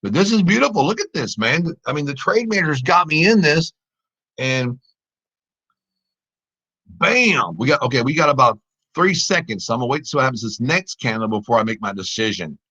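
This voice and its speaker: Excitable man on lo-fi stream audio. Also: medium pitch, normal speed, long pauses. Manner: exclaims and laughs often, talks to viewers as guys. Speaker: live trading stream host. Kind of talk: excited live commentary on trades.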